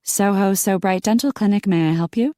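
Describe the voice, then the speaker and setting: A woman's voice: medium pitch, fairly quick, mellow, dry recording, studio quality, pitched above the performer's own voice, lightly acted. A woman narrator voicing a panicked young woman dentist in hiding, in frantic, breathless outbursts. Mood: polite. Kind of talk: audiobook character voice.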